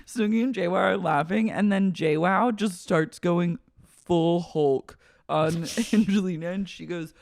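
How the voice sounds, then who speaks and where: A woman's voice: on the low side, unhurried, no room sound, studio quality. A woman co-hosting a podcast, recapping a reality show in casual chat, acting out the cast's lines with laughter. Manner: animated, acts out quotes from the show with laughter. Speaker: podcast co-host.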